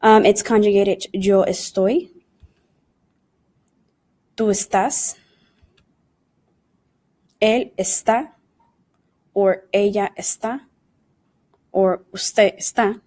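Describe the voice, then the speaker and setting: Speaking very slowly with frequent pauses, a woman with a medium-pitched, steady, darkish voice teaches a recorded Spanish lesson in English. She patiently explains things step by step, sprinkles in Spanish words and conjugations, and keeps addressing the class as "guys."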